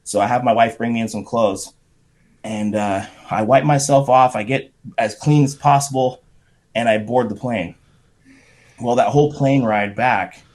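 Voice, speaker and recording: A middle-aged man, a podcast guest, telling a profane, animated story in casual talk. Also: lowish voice. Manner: profane, animated anecdote with shouted quotes.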